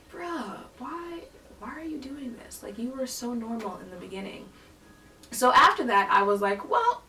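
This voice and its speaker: A young woman telling a storytime vlog, animated and acting out the voices of people in her tale. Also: medium pitch, creaky. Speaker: vlogger. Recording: voice a bit distant from the mic.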